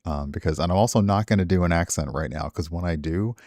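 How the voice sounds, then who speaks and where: Deep-voiced middle-aged man chatting on stream. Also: fast talker, a little mellow, no echo, clean studio sound. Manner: rambling, self-deprecating, chatting to viewers. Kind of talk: casual stream chat.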